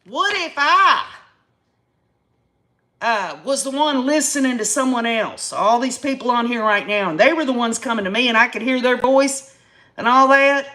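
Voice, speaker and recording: A fired-up woman in her fifties with a Tennessee drawl, talking straight to her live-stream viewers. Her voice sits a touch high, and she speaks with folksy, blunt country phrasing. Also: lively intonation, normal speed, sharp tone. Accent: Tennessee Southern. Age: 50s. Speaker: YouTube live-stream host. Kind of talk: casual live-stream talk to chat.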